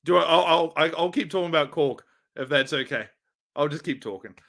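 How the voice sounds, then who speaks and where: A man chatting casually as co-host of a streamed podcast, an animated storyteller who laughs often. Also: a little high, brisk, gravelly. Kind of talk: casual chat.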